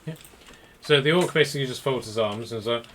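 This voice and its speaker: A man narrates as game master for a tabletop group. His voice is bright and forceful, and he rambles through his scenes with restarts and fillers. A faint hiss sits under the recording. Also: mid-range voice, fast talker.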